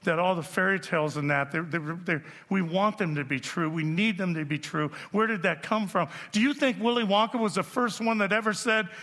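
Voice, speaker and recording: A man in his sixties preaching a sermon as pastor, animated and joking with the congregation. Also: high voice, a little fast, hardly any pauses. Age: 60s. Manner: animated storytelling, jokes with the audience. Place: church auditorium. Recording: long reverb of a large hall.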